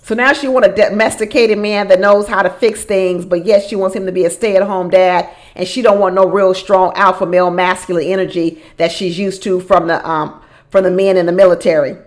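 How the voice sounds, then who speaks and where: A woman giving a casual recap of a reality show. She is animated, often repeats phrases for emphasis, laughs often and talks straight to the people on the show. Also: mid-range voice, a little fast. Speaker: reality show commentator and relationship coach.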